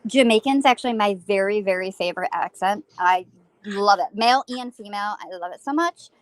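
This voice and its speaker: A woman's voice: medium pitch, a little fast. Giggly woman telling a story. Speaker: panel guest. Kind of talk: casual live-stream chat.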